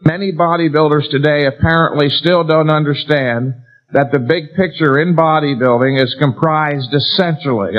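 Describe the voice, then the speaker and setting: A man's voice: on the high side, normal speed. Emphatic man lecturing on a lo-fi tape. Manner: emphatic, asks and answers rhetorical questions, stresses key words. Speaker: seminar lecturer. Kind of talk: live lecture to an audience. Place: seminar room before an audience. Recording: dull lo-fi 1990s seminar tape.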